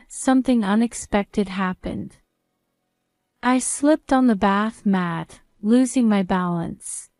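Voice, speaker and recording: A woman narrating a first-person story in a calm, measured way. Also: medium pitch, clear, resonant tone, no echo, clean studio sound.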